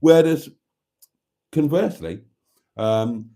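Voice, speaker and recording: A man's voice: fairly high pitch, expressive, takes it slowly, mellow. A Welsh man hosting a casual livestream in a theatrical, camp, chatty manner, reading out viewers' comments. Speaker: livestream host. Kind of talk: casual live chat.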